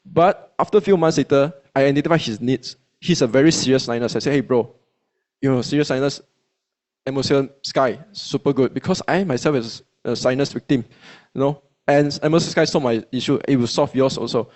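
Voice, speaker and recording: A man with a Malaysian English accent, telling a motivational story to an audience in a colloquial, animated way and acting out his own dialogue. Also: medium pitch, a little fast. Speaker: speaker at a business event.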